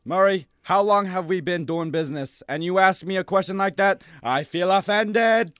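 A man's voice: high voice, moderate pace, fairly bright tone, smooth, no room sound, studio quality. A man playing a sly, breezy black-market herb dealer in a comedic audio sketch. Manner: breezy, salesman-like.

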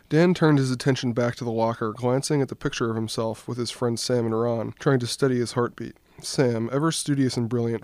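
A young man, a student, reading his own short story aloud in a steady, even storytelling voice. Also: mid-range voice, no room sound. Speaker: student reader.

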